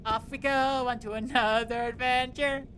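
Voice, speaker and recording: A woman's voice: high-pitched, fairly even intonation, moderate pace, a bit bright, slight background noise. A woman streaming a game, chatting casually with friends and laughing easily. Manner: giggly, easily amused. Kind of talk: casual gameplay chat.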